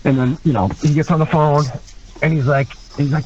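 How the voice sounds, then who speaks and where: Wrestler guest spinning funny stories, high and expressive voice; slightly muffled, lo-fi podcast audio. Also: male voice, a little fast. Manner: animated, jokey, acts out voices in his stories. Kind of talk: casual storytelling. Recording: slightly dull lo-fi sound with faint noise.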